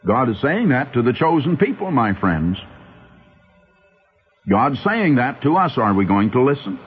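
A man's voice: sing-song, unhurried, pauses often, a little hiss or hum. Radio preacher guy, urgent and pleading, voice swoops way up and down, tinny old broadcast sound. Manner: urgent, pleading, addresses listeners as "my friends"; swings pitch widely for emphasis, drawls key phrases. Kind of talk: radio sermon.

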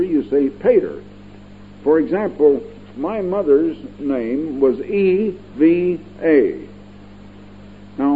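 An older man preaching a Bible-teaching sermon in a folksy, digressive way, repeating words for emphasis. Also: a little high. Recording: tinny lo-fi radio broadcast with faint hum.

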